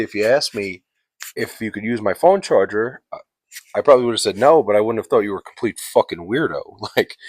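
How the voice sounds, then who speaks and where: A man's voice: lowish voice, no room sound. A man telling a travel story in a casual, profane, exasperated way, rambling with lots of fillers. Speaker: podcast host.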